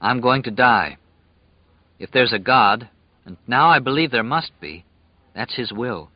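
A man voicing a calm, wry condemned prisoner at peace in an audiobook reading. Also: mid-range voice, measured pace, dry recording, highs cut off. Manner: calm, wry, quietly mocking.

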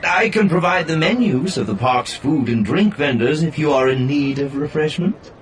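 A man's voice: on the high side, expressive, moderate pace, far from the mic, a little hiss or hum, pitched above the performer's own voice, close to an everyday voice. A man reading an audiobook voices a fawning, chatty male flying-taxi machine with overly polite sales patter. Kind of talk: audiobook narration.

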